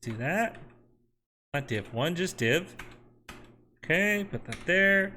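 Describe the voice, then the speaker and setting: A software developer streaming his coding work, talking to his chat and to himself as he works. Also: sits high, animated, slow, slight background noise. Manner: talks to chat and himself while working. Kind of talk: live coding stream, thinking aloud.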